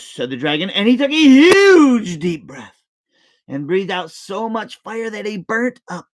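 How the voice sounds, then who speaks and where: Woman reading a storybook aloud to kids, very expressive, slow and deliberate, playful hushed asides. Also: medium pitch. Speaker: children's book reader. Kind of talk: reading a picture book aloud to children.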